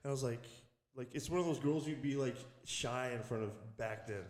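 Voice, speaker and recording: A man's voice: mid-range voice, normal speed. A man co-hosting a casual podcast, telling personal stories with lots of cursing. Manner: profane, mumbly storytelling. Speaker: podcast co-host. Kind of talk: casual chat. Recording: echoey room with long reverb.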